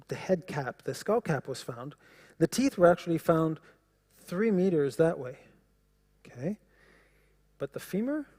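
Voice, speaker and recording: A man giving a classroom lecture in an animated way, with quips and chuckles at his own points. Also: a little high. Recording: long hall reverb.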